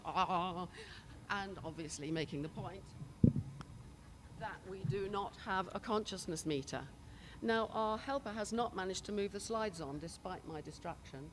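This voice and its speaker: A woman's voice: mid-range voice, unhurried, slight background noise. An older British woman on a conference stage, telling chatty anecdotes with asides into a handheld mic. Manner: chatty, storytelling with laughs and asides. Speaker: conference panelist. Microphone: handheld microphone.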